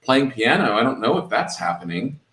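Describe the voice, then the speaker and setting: Host guy on a video call, chatty, teasing, medium pitch, reading off donor names. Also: very animated, brisk, a bit bright, reverberant, poor audio.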